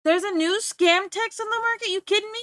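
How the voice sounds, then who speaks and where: A woman's voice: extremely high pitch, brisk, a bit bright, no room sound. A young woman streamer chatting playfully with her viewers, teasing and giggling as she talks. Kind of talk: casual chat with stream viewers.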